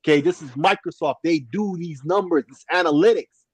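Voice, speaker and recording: A man co-hosting a casual gaming podcast in a high voice, animated and making his points with lots of "yo" and "right?". His voice sounds dry and close to the mic. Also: a little fast, breathy edge, dry recording. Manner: animated, peppering talk with "yo" and "right?". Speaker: podcast co-host.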